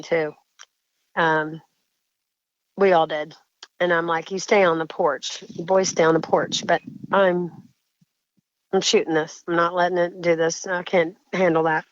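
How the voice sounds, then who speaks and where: A woman caller telling a frightening encounter story in a shaken, halting way, often breaking off and restarting sentences. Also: deep voice, no room sound, highs cut off. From Indiana.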